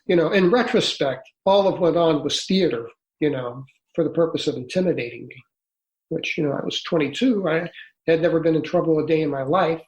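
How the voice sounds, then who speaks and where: An older man in his sixties tells his story as an interview guest. He speaks earnestly and haltingly and often restarts, in a slightly raised voice. A roomy echo surrounds him. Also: on the high side, a little mellow, dull audio. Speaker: guest, author.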